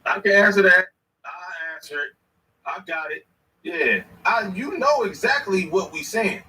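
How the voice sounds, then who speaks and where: A man, ranting at a clip in a heated, confrontational way, circling back to the same points again and again. His voice sits high and bright. He sounds set back from the microphone. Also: animated, measured pace, recorded from a distance, rough recording. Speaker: commentator reacting to a clip. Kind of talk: ranting commentary.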